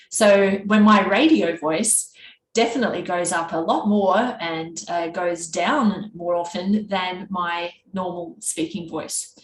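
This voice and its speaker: A woman with a nasal Australian East Coast accent presenting a teacher workshop in an easy conversational way. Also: medium pitch. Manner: can be monotone; conversational, with fillers and restarts. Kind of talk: workshop talk. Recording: echoey room with faint background noise.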